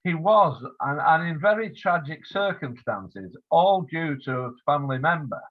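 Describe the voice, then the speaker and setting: An older English man, an author interviewed over a video call, telling stories in a relaxed, reminiscing way with fillers. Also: fairly high pitch, unhurried. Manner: warm storytelling with fillers, acts out quoted voices. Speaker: author interviewed about his biography. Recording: phone-like lo-fi line.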